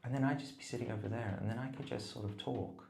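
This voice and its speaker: A man recording a rambling, reflective voice note in a bathroom, meandering and self-mocking, sometimes dropping to a soft murmur. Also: medium pitch, steady tone, fast, creaky, roomy sound, background noise. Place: bathroom, at the bath. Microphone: phone voice note.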